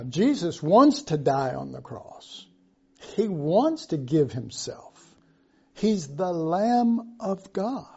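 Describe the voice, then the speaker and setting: A man preaches a sermon slowly and conversationally, reading scripture and breaking off into asides. His fairly high but mellow voice is animated, creaky and husky, and the recording sounds dull and lo-fi.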